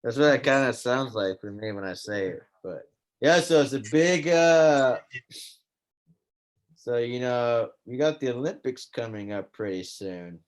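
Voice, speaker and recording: A relaxed man co-hosting a sports podcast, voice sitting in a middle pitch. He talks loosely, drops the odd swear word and lets sentences trail off as he goes. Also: unhurried. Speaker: podcast co-host. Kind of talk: casual sports chat.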